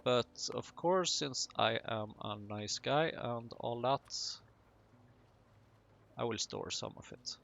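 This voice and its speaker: Slow, gravelly man narrating gameplay. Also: medium pitch, fairly bright tone, muffled recording. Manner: chatty, self-mocking asides while building. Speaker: gaming video host. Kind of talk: casual let's-play commentary.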